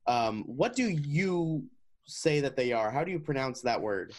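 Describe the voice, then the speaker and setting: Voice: mid-range voice, big pitch swings, a little slow. A young podcast co-host chatting casually, teasing and swearing playfully. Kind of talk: casual chat.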